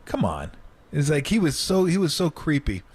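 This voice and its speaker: A man's voice: a little high, moderate pace, slightly rough. A middle-aged man, a former player, telling stories on a sports radio show and acting out the quotes. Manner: animated storyteller, acts out quotes, laughs often. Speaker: former basketball player guest. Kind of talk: radio sports talk storytelling.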